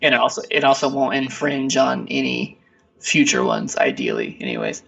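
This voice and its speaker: A man's voice: medium pitch, huge pitch swings, normal speed, creaky, a bit bright, far from the mic, highs cut off. A man co-hosting a podcast, talking in a laid-back, rambling way with lots of fillers and restarts. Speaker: podcast co-host. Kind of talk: casual chat.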